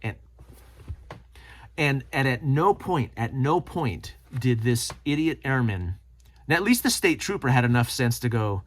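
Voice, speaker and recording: Speaking at a moderate pace with a medium-pitched voice, a middle-aged channel host shares a personal story to camera. He's animated, performing the voices of the people in his tale.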